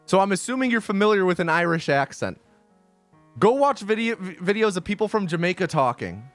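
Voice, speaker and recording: A man's voice: sits high, big pitch swings, brisk, no echo, faint music behind. A male streamer in casual livestream chat, rambling and insistent, repeating himself as he makes his points.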